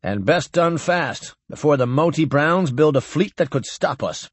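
A man's voice: fairly high pitch, lively intonation, a little slow, breathy edge, no echo. A man voicing a blunt, plain-spoken male senator. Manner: blunt, folksy.

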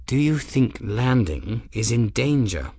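A dignified lord, voiced by a male narrator, speaking in a low-key, patient way, each word measured. His tone rises and falls expressively over a dry, close reading. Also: big pitch swings, darkish tone, slightly rough, no echo, heavily acted. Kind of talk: audiobook character voice.

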